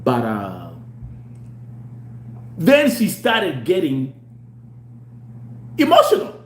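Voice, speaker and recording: A man's voice: a little high, drawn-out words. A Kenyan man hosting a show, telling a story casually and acting out the dialogue, slipping into Swahili slang. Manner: animated, mixes English and Swahili slang, acts out dialogue. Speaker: show host. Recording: echoey room with faint hum.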